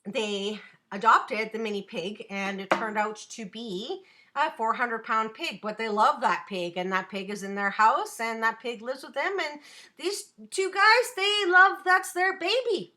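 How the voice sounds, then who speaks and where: A woman's voice: a little high, a little slow, sharp tone. A young woman chatting casually on a home live stream, giggly and rambling as she reads the chat.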